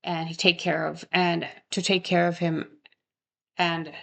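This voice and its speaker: A woman's voice: on the low side, level tone, a little slow, vocal fry, fairly bright tone. A young woman casually talking through a true crime case, rambling and correcting herself, with frequent rhetorical questions. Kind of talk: casual chat.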